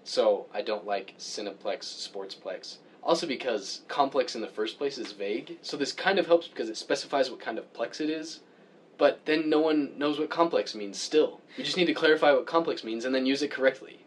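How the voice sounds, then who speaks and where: A man in casual chat, opinionated and animated as he grumbles about things that bother him. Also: fairly quick, slight background noise. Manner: animated, pitch jumps when worked up.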